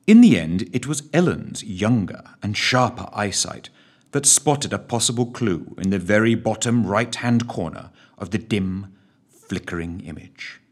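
A man narrating a story in an expressive, dramatic reading. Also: lowish voice, a little slow, husky.

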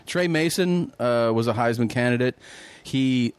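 A man guesting on a podcast, recounting a sports moment in animated, detailed casual chat. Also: medium pitch, measured pace, clear, resonant tone. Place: home man cave.

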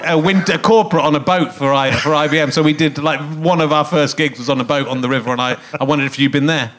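Bright-voiced joking male comedy host. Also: on the high side, fast. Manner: jokey, teasing, laughs often. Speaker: podcast host. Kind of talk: live comedy interview. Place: theatre stage with live audience.

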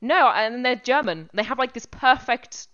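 A woman's voice: fairly high pitch, expressive, moderate pace, a bit bright, highs cut off. A woman who teaches primary school music, talking in a casual podcast chat with frequent restarts. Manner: chatty, with frequent restarts and light laughs.

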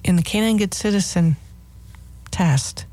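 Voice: mid-range voice, a little slow, warm tone, no room sound. A radio host of a dog-training show, giving firm, instructive advice as a list of do's and don'ts.

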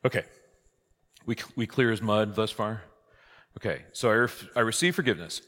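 Low-voiced male priest teaching a class, lively and questioning, in a reverberant hall. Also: moderate pace, long pauses. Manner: lively, rhetorical questions, emphatic outbursts. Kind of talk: conversational church class teaching. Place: church hall.

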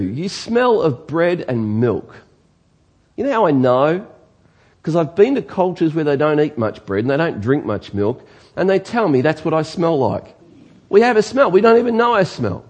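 A man's voice: fairly high pitch, very animated, normal speed, a little mellow. A man with an Australian accent, preaching a sermon earnestly and emphatically, asking his congregation rhetorical questions. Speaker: pastor.

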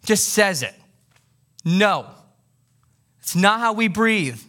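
A man's voice: sits high, sharp tone. A male pastor preaching a sermon in a loose, conversational way, joking with the congregation and pressing his points with emphasis.

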